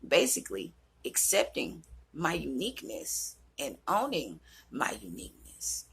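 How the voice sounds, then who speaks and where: A woman in her thirties speaks in a low, deeply husky voice, unhurried and earnest. Her pitch swings widely as she shares, and at moments she sinks to a whisper. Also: big pitch swings, a bit bright. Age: 30s. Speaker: vlogger. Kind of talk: personal reflective vlog talk.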